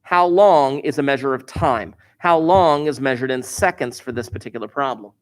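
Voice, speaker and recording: A man's voice: mid-range voice, normal speed. Man teaching an algebra class. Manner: wry, joking asides. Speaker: math teacher. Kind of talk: classroom lesson.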